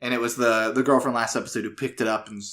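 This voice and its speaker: A man co-hosting a casual podcast, retelling an episode loosely with fillers and quick voiced-out quotes. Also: medium pitch, level tone, fairly bright tone. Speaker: podcast co-host.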